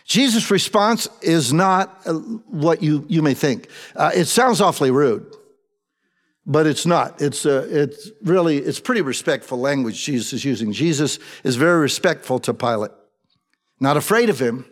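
A man with a fairly high, expressive voice preaches a conversational sermon at normal speed. He reads Bible verses, then restates them in plain modern talk, and a large hall's long reverb surrounds him.

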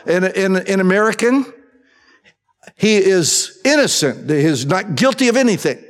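A middle-aged male pastor teaching through the Bible verse by verse in a relaxed, conversational way, mixing in personal stories. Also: high-pitched, unhurried. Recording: long hall reverb.

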